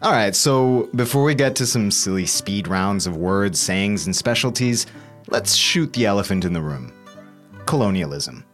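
A man's voice: on the low side, animated, moderate pace, fairly bright tone, soft background music. A man co-hosting a casual chat, rambling and searching for words as he talks. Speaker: co-host.

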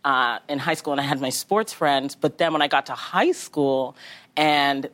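Woman guest on a talk show, really low voice, chatty and rambling, laughs a lot. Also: moderate pace. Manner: rambling, animated storytelling with frequent laughs. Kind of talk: casual chat.

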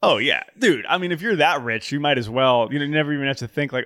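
A man's voice: mid-range voice, expressive, fast, a bit bright, no room sound, studio quality. A man co-hosting a baseball podcast in casual chat, joking, reading listener emails, often restarting sentences. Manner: chatty, jokey, many restarts. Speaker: podcast co-host.

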